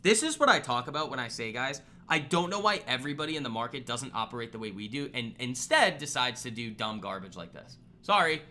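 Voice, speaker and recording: A man's voice: medium pitch, sing-song, a little fast, few pauses, bright, forceful tone, slight background noise. A man hosting a live trading stream, ranting bluntly and with exasperation at viewers' poor trades. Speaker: trading livestream host.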